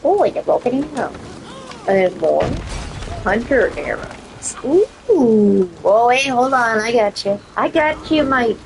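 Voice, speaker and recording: A woman's voice: fairly high pitch, unhurried, creaky, a little hiss or hum. Woman streamer with a cracking voice. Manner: profane, excitable, talks to the game characters. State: voice cracking and squeaky. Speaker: gaming streamer. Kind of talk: casual let's-play commentary.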